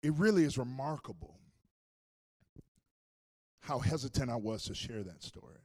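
A male pastor preaching a sermon, telling a story with animated swings between loud and hushed. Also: medium pitch, moderate pace.

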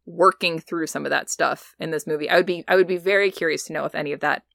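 A woman's voice: low voice, fairly even intonation, fast, gravelly, a bit bright, no room sound, studio quality. A woman co-hosting a podcast in casual chat, thoughtful and analytical, full of "like" and "you know". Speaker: podcast co-host.

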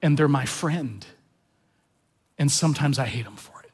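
A man's voice: mid-range voice, normal speed, breathy edge. A man pastor giving a sermon in an earnest, confessional way, often repeating words as he stresses a point.

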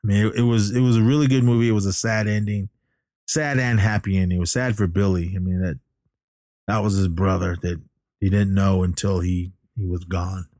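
Low-voiced man rambling through a movie plot. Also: fairly even intonation, fairly quick, darkish tone, dry recording, clean studio sound. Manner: rambling, filler-heavy storytelling. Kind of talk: casual movie recap.

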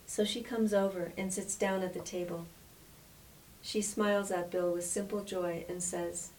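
A woman storyteller reading a story aloud in a measured, expressive way. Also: on the low side. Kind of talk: storybook narration. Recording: distant mic with faint hiss.

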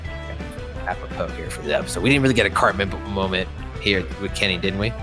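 A man hosting a podcast, casually recapping a cartoon episode in an animated way and swooping into quick impressions. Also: low voice, over music. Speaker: podcast host.

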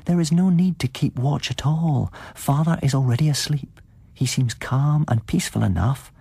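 A man's voice: a little high, very animated, brisk, breathy edge, no echo, pitched above the performer's own voice, heavily acted. A man voicing a sweet, coaxing young woman in a spoken ghost story. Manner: soft and pleading.

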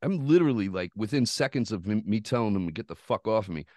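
A man with a lowish voice recounts a wild story on a podcast, swearing freely and rambling along. The sound is dry and close, with no room around it. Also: fast, dry recording. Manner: profane, rambling, animated retelling. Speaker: podcast host. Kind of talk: casual storytelling chat.

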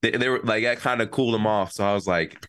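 A man's voice: on the low side, quick pace, slight background noise. A young man, a college football player, telling in casual chat how a play went, acting out what people said. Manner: animated storytelling, acts out quotes.

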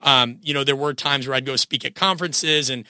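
Bright, dry-voiced man with a cold. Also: mid-range voice, fairly even intonation, a little fast, clean tone, no echo. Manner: earnest, coaching tone, addresses listeners directly. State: sick with a cold. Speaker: podcast host and coach. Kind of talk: solo podcast talk.

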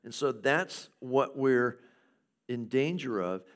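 A man preaching a sermon in a conversational way, with fillers and short laughs, sometimes acting out skeptical questions in a higher voice. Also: lively intonation, slow pace. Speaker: pastor.

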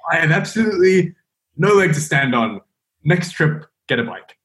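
A man's voice: a little high, expressive, normal speed, a bit bright. A young man, a podcast guest, telling a story casually and rambling with many fillers. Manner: rambling, full of "like" and "you know".

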